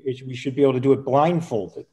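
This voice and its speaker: Male guest, dark mellow tone, measured and opinionated, casual panel. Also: mid-range voice, fairly even intonation.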